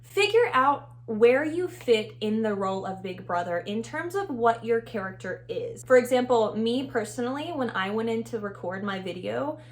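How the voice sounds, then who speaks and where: Young Texan woman, bright higher voice, energetic casual vlogger who laughs easily. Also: normal speed, few pauses. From Texas. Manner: upbeat, chatty, laughs often, emphatic. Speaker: vlogger, former reality show contestant. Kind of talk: casual advice vlog.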